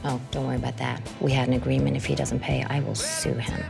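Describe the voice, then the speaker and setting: An actress playing an encouraging female talent agent who speaks softly and reassuringly. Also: extremely low pitch, level tone, fast, vocal fry, music in the background, heavily acted.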